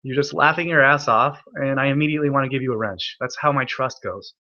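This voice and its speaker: A man's voice: medium pitch, fast, bright, forceful tone, highs cut off. A young man hosting an online hangout, telling a rambling, profane story full of restarts. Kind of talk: rambling casual chat.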